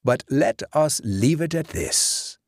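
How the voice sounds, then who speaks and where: A man voicing a courteous old grandfather who speaks slowly and formally. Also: on the high side, expressive, dry recording, studio quality, voice pushed up. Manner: slow, gracious, formal.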